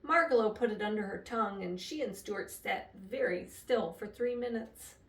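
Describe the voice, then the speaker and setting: An older woman reading a children's chapter book aloud with expressive, lively storytelling. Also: mid-range voice, moderate pace. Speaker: storybook reader. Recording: echoey room, voice from a distance.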